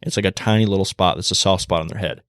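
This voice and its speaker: A man guest on a podcast, telling a story in a casual, animated way and acting out the quotes in a hushed voice. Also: low-pitched, quick pace, no echo, studio quality.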